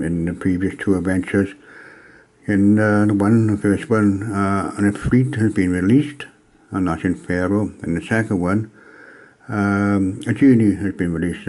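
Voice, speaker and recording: A man from Wales talks through a review of a tabletop adventure module. His voice sits low, and he stops often to fill gaps with ums and uhs. The delivery is a relaxed, unscripted spoken review. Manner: hesitant, many ums and uhs.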